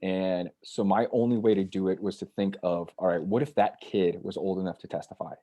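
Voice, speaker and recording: A man's voice: sits low, fairly even intonation, fairly quick, warm tone. A man telling stories in casual conversation as a guest, rambling and acting out the voices of people he quotes. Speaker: author and journalist guest.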